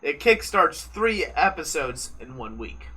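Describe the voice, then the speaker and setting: Man, young, American, podcast co-host, casual rambling, swears, very bright tone. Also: fairly high pitch, big pitch swings, unhurried. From United States. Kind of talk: casual late-night chat over a live fight.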